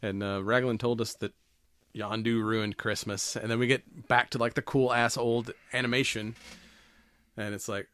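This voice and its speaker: A man's voice: medium pitch, level tone, normal speed, a bit bright. A man co-hosting a podcast, casually recapping a holiday movie with plenty of swearing and laughter. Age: adult, has kids. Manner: retells scenes with quoted character lines, swears freely, laughs often. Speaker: podcast co-host.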